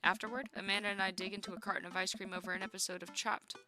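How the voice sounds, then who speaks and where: A woman's voice: mid-range voice, little pitch movement, racing, sharp tone. A woman streamer reading a story game aloud in a playful, chatty way. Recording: game music behind.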